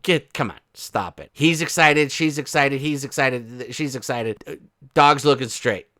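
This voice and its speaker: A man's voice: medium pitch, moderate pace, pushed and bright, dry recording, clean studio sound. A man hosting an online commentary video, talking in a casual, incredulous way and rambling with frequent restarts.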